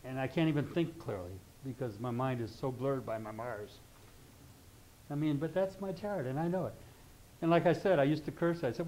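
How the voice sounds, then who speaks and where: A man's voice: medium pitch, moderate pace, a little mellow, a little hiss or hum, rough recording. An older man teaching an astrology class, talking informally, rambling into asides and checking in with the class. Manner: conversational, keeps checking in with "okay?".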